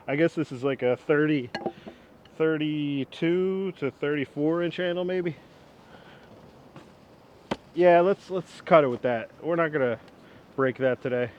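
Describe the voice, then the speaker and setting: Rambling man chatting outdoors in wind. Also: muffled recording. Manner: rambling, self-mocking, chuckles often. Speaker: woodworking vlogger. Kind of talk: casual outdoor demo chat. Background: wind rumble.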